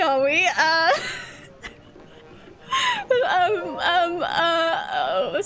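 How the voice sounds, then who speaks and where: A woman's voice: very high voice, very animated, very slow, long pauses, a bit bright, faint music behind. A woman streaming video games, chatting casually, giggling often and talking back to the characters on screen. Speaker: gaming streamer. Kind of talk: casual live-stream commentary while playing.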